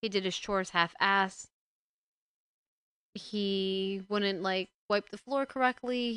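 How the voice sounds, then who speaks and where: A woman's voice: medium pitch, clean tone, no echo. Heated woman retelling a book. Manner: indignant, gets loud and heated when scolding the father. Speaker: book discussion host. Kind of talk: casual book retelling and commentary.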